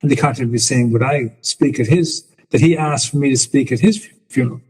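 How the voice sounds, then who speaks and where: Husky stammering man in a reverberant room. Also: mid-range voice, brisk, a little mellow. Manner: stammering, repeats words. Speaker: host. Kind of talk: casual interview chat.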